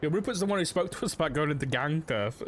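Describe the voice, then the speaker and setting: A man's voice: on the high side, fairly bright tone, slight background noise. A young man streaming a police roleplay game, chatting casually and rambling with lots of fillers. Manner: rambling, filler-heavy, with frequent "like".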